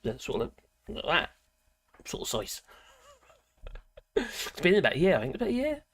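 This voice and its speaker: A woman's voice: lowish voice, wildly swooping pitch, a little slow, slightly rough. A woman hosting a livestream, chatting casually and rambling as she reads out viewer comments, often breaking off mid-sentence and laughing. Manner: rambling, chatty, self-interrupting with frequent laughs. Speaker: livestream host. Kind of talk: casual live chat reading viewer comments.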